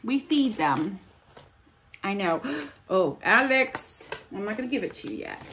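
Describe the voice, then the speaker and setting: A woman's voice: mid-range voice, very animated, measured pace, a bit bright, slight background noise. A woman vlogging as she opens gifts, gushing and gasping with delight. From United States. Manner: gushing, gasping, breathy exclamations. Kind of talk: casual unboxing chat.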